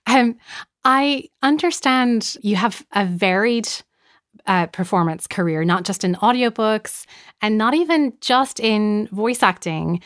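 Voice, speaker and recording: A woman's voice: mid-range voice, expressive, smooth, no room sound. American lady host asking questions, lots of ums, clean dry sound. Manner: halting, many ums. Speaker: podcast host. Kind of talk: interview questions.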